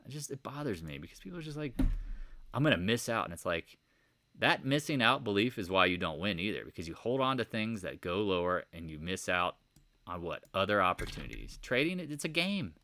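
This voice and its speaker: A man's voice: fairly low pitch, very animated, brisk, sharp tone, slight background noise. A man giving a casual, rambling market recap over charts, exasperated and preachy, firing off rhetorical questions. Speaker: market commentator.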